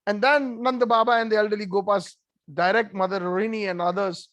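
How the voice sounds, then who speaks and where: A man giving an animated devotional storytelling talk with conversational asides. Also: high voice, a little fast, dry recording. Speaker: devotional speaker.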